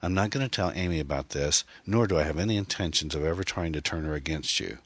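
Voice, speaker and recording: A man voicing a bitter, angry woman on the phone, snapping and scornful, with shrill outbursts. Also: very animated, normal speed, pushed and bright, slightly rough, dry recording, heavily acted.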